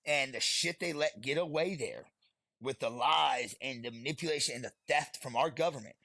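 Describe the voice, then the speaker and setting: A man's voice: medium pitch, normal speed, gravelly, pushed and bright, no echo. A middle-aged man, a podcast guest telling his story bluntly and profanely, rambling as he goes. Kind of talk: candid storytelling.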